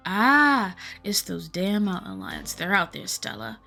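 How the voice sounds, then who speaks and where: A woman voicing a gruff, cranky old male backwoods hunter with a put-on Southern accent, reading a game aloud. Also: medium pitch, very animated, a little slow, sharp tone, soft background music, full character voice. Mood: stubborn. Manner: grumbling, folksy scolding.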